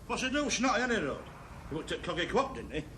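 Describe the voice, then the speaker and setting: A cheeky Northern rugby joker. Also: male voice, high voice, big pitch swings, fast, sharp tone, slight background noise, heavily acted. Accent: Northern English. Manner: cheeky, boastful joking. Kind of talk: 1970s television drama acting.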